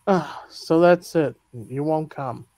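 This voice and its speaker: A woman's voice: low-pitched, takes it slowly, mellow, no echo. A woman voicing a spirited young princess wife in a fan dub, patient and coaxing. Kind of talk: fan dub of an animated film.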